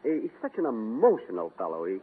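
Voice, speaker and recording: A man's voice: on the low side, huge pitch swings, fast talker, heavy background noise. A man hosting a 1940s radio comedy, playing it exasperated and indignant. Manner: exasperated, indignant comic timing. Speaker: comedy show host. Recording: tinny old radio broadcast.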